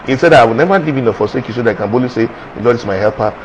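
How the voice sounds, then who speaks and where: Animated male preacher, rhetorical questions. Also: medium pitch, racing, highs cut off, slight background noise. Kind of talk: sermon.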